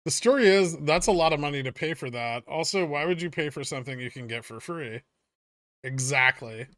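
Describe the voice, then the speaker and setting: A man's voice: on the high side, fairly quick, a bit bright, no room sound, studio quality. A man hosting a casual livestream, reading viewer messages aloud and answering them with irreverent jokes and the odd swear word. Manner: jokey, irreverent, swears freely. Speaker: livestream host.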